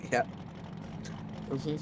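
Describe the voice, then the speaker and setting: A man's voice: extremely slow, heavy background noise. A young man co-commentating a virtual drift event, teasing his partner and laughing often. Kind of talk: live sim-racing commentary.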